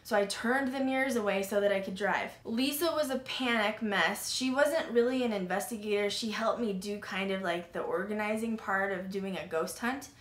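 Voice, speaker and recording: A woman's voice: mid-range voice, moderate pace, few pauses. Woman telling a ghost story, echoey. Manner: animated, filler-heavy retelling with frequent "like" and swearing. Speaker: paranormal podcast host. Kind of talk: casual storytelling. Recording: roomy echo.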